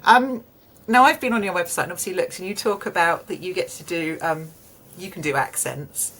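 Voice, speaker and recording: A woman's voice: lowish voice, brisk, a bit bright. A woman hosting an interview, chatting enthusiastically with laughs. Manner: enthusiastic, laughs, acts out quotes. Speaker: podcast host. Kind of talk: casual interview chat.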